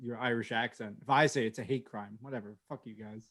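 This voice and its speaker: A man's voice: medium pitch, steady tone, a little fast, a bit bright. A man in casual podcast banter, blunt and sarcastic, swearing freely. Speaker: podcast co-host. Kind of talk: casual comedic chat.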